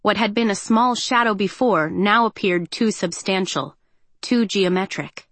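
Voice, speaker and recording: A woman reading a story aloud as narrator, in a measured, even delivery. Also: mid-range voice, no echo. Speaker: audiobook narrator. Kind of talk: scripted narration.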